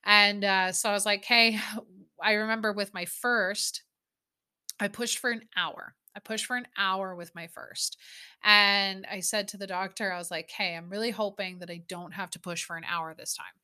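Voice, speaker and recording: A woman with a bright, clear voice, chatting through her story in a loose, unscripted way. She is blunt and candid, swears without a second thought and fills her sentences with "like.". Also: mid-range voice, steady tone, normal speed. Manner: candid and chatty, swears freely, many fillers of "like". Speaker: mother telling her birth story. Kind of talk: casual storytelling.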